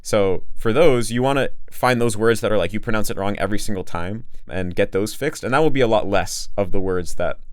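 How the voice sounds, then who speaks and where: A man's voice: fairly low pitch, brisk, hardly any pauses, dry recording. A young man explaining casually, with many fillers and rambling asides. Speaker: language coach answering a question.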